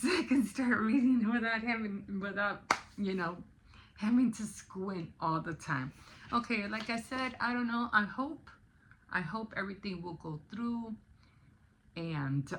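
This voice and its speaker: A woman's voice: low-pitched, creaky, fairly bright tone, a little hiss or hum. A middle-aged woman vlogging in a rambling, chatty way, often restarting her sentences. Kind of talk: casual vlog chat.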